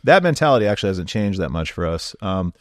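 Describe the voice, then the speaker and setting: A man in his forties speaks in a very low voice, recorded dry and close. He tells his story loosely and easily, with many fillers and restarts, like a podcast guest chatting with a friend. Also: fast talker, no echo. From Southern California. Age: 40s. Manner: relaxed storytelling, lots of fillers. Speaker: guest, nonprofit executive director. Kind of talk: podcast conversation.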